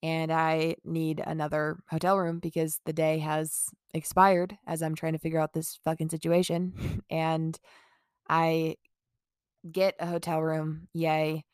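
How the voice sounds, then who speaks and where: A woman's voice: sits low, completely flat delivery, measured pace, clean tone, dry recording, studio quality. A young woman vlogger telling a casual storytime, rambling with lots of "like" fillers, swearing and laughing between lines.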